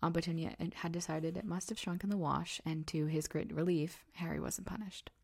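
A woman narrating a storybook in a soft, hushed, steady reading. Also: lowish voice, brisk, creaky.

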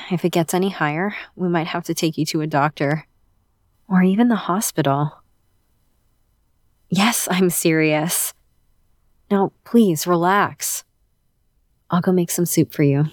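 Dry, slow-spoken woman in role-play. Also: fairly low pitch, no room sound. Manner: bossy then doting, soft and intimate to a listener. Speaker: audio role-play performer. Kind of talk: romantic audio role-play.

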